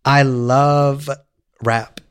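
A man co-hosting a podcast, chatting casually with animated, gossipy energy and frequent laughter. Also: medium pitch, drawn-out words, clear, resonant tone. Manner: animated, gossipy, laughs often, mimics voices. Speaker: podcast co-host. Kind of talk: casual chat.

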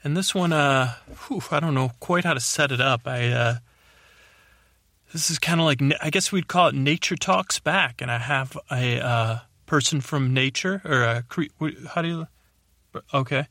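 Soft, meandering male podcast host. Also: medium pitch, moderate pace, no room sound, clean studio sound. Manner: soft-spoken, meandering, self-correcting. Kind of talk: sleep podcast introduction.

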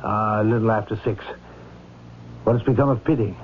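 An actor playing a devout priest who narrates and questions a troubled professor, in low, grave, measured tones, in a 1970s radio drama. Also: male voice, steady tone, a little hiss or hum, lightly acted. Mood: concerned. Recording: tinny old radio broadcast with music.

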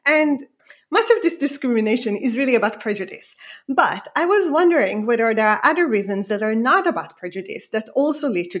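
Lively woman researcher with an accent. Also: a little high. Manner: explains step by step, speaks English with a non-native accent. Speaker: researcher guest. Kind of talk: interview explanation.

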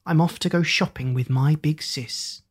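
A storybook narrator voicing a boastful ten-year-old boy in a raised, quick voice. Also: medium pitch, breathy edge, natural voice. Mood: cocky.

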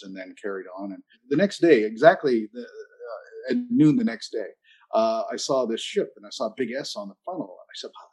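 Older guy telling stories slow and dry, low dark husky voice. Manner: measured, anecdotal, dry humor. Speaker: interview guest, ocean activist. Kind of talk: storytelling interview answers.

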